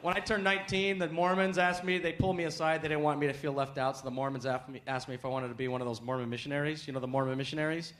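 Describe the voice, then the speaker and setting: A man from the United States performing a stand-up comedy set, with punchy delivery that climbs to shouts on punchlines, recorded live on a handheld mic. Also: on the high side, little pitch movement, very fast, hardly any pauses. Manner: punchy, acts out voices and rises to shouting on punchlines. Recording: live club, loud crowd and laughter.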